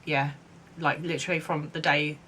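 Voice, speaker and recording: A young English woman in her twenties vlogs casually to camera in a low, bright, forceful voice with flat delivery at normal speed. She is chatty and rambles, with many "um"s and "like"s, and there's a little hiss or hum.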